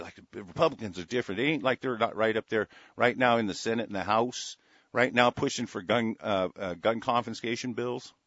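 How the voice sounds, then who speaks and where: In this clip a middle-aged man alternates between reading news items and launching into angry, cuss-heavy, sarcastic rants about them. His voice is mid-range. The sound has no echo, but the high frequencies are cut off.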